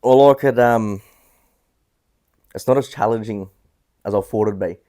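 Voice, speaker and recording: Laid-back man, low voice. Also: a little slow, dark tone. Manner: laid-back, rambling with many restarts. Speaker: guest. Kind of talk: casual chat.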